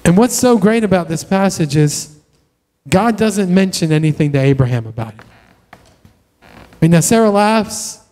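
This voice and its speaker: A man preaching a sermon in a conversational, animated way, often tossing in "right?" to the congregation. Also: sits high, normal speed, pauses often, in a large hall. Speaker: pastor. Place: church sanctuary.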